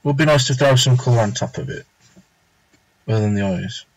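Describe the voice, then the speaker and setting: A man's voice: medium pitch, a little fast, low-quality recording. A young man chatting casually and rambling as he draws live on stream, muttering to himself now and then. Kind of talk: casual chat while drawing.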